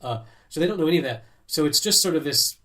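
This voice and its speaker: A man's voice: a little high, expressive, quick pace, fairly bright tone. A man hosting a podcast, talking casually in a rambling, chatty way. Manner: chatty, rambling, many restarts. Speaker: podcast host. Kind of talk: casual chat.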